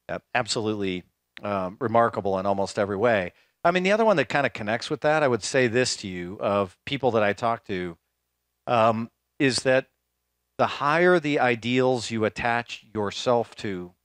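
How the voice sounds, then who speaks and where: A man's voice: fairly low pitch, a bit bright, dry recording. A man giving a conference keynote in a casual storytelling way, with many fillers and restarts. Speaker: speaker. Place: conference hall, live talk.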